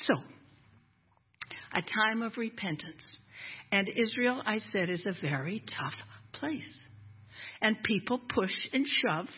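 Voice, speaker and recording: An older woman, a guest speaker at a congregation, preaches a sermon in an emphatic, impassioned way. Her voice is fairly high with a breathy edge. The recording sounds lo-fi and phone-like.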